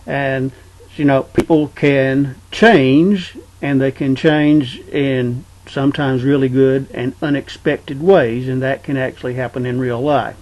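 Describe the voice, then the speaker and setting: A man casually discussing a book, talking in an unhurried way and reading passages aloud. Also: medium pitch, steady tone, darkish tone, dull audio. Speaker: book reviewer.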